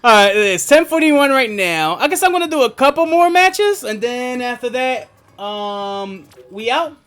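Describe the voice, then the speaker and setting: A man's voice: extremely high pitch, sing-song, measured pace, a bit bright, clear, resonant tone, faint music behind. A man streaming and casually telling a story to his chat, swearing often, laughing a lot and filling his talk with "like" and "um". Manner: profane, laughing, lots of filler words.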